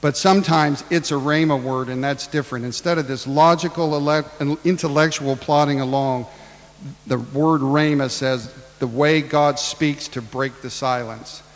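A man preaching a sermon, acting out Bible dialogue in his own voice and swinging between loud and hushed. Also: a little high, fairly even intonation, normal speed, long reverb tail, low-quality recording. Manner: preaching with acted-out Bible dialogue, rising and falling in volume. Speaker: pastor.

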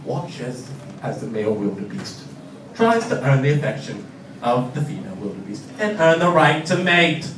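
A man imitating a hushed, solemn male nature-documentary narrator, recorded from far off in an echoey, crowded room. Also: mid-range voice, big pitch swings, moderate pace, a little hiss or hum, pitched below the performer's own voice.

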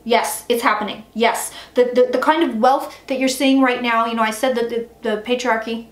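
A woman giving an excited tarot reading, rushing and emphatic, swearing often and talking like an auctioneer. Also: a little high. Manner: rapid, profane, emphatic, says she talks like an auctioneer. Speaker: psychic tarot reader. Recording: echoey room with faint noise.

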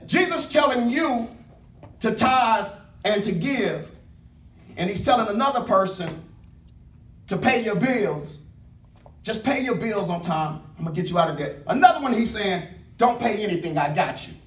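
Male pastor, high voice, lively call-and-response preaching, distant mic in a reverberant sanctuary. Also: moderate pace, pauses often. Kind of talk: sermon. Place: church sanctuary. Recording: echoey church room, mic at a distance. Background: congregation responding with amens.

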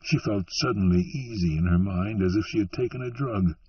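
A man reading an audiobook in a slow, measured storytelling manner. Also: lowish voice, breathy edge, dry recording, distant mic. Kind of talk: scripted audiobook narration. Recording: muffled, dry, from off-mic.

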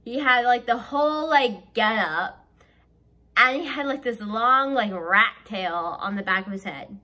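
A young woman from the American South, telling a story in a chatty, animated way and saying "like" constantly. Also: fairly high pitch, a little slow. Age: young adult. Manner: chatty and animated, heavy use of "like". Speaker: vlogger. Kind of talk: storytime vlog.

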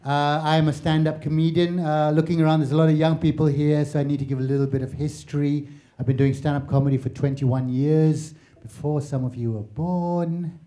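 A man's voice: on the high side, fairly even intonation, brisk, mellow. A man, doing chatty, self-mocking stand-up comedy. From Malaysia. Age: 40s.

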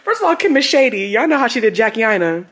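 A woman's voice: on the high side, very animated, fast talker, fairly bright tone, slightly rough. A young woman vlogging casually, often laughing and exclaiming in disbelief. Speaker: lifestyle vlogger. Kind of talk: casual vlog chat.

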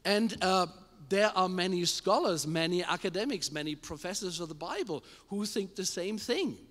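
A man preaching a sermon in a high, bright, ringing voice. He talks straight to the congregation and pushes his lines up into shouted peaks. The sound trails off in a long church-hall reverb. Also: expressive, normal speed. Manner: emphatic, building to shouted climaxes; addresses the congregation directly with questions. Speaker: pastor. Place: church service with a live congregation.

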